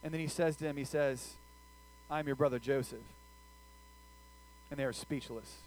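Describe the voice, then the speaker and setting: A man's voice: mid-range voice, steady tone, normal speed, a little mellow, slight background noise, low-quality recording. A middle-aged man preaching a conversational sermon, asking his listeners questions as he retells a scripture story. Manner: conversational, asks the audience questions.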